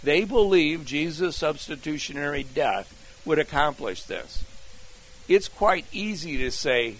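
An older man preaching a sermon, working through an outline point by point in a deliberate way. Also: fairly high pitch, lively intonation, poor audio. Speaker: pastor.

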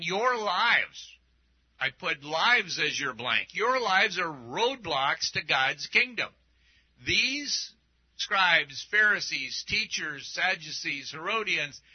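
A man's voice: on the high side, lo-fi sound. A male pastor preaching a sermon in a conversational, rambling way, often restarting and adding asides.

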